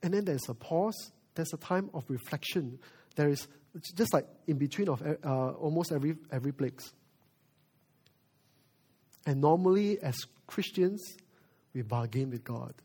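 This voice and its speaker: A male pastor preaching a sermon, moving from quiet reflection to loud emphasis. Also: a little high, lively intonation, unhurried, pauses often, husky.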